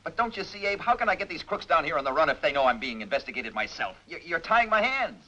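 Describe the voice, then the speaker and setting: A hard-pressing, middle-aged police captain talks fast and forcefully. His voice is bright and slightly husky, with lively pitch that swings up when he pushes. He is stubborn and relentless. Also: lo-fi sound, exaggerated voice. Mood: pressured. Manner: forceful, pressing, rapid interrogator.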